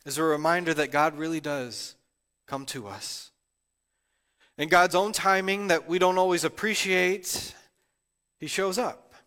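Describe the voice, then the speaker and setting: A male pastor with a fairly high voice preaches a heartfelt sermon, close to tears, stumbling and restarting as he shares personal struggles. His voice rings out with a long reverb, as if in a church sanctuary. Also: pushed and bright. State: tearful, near crying.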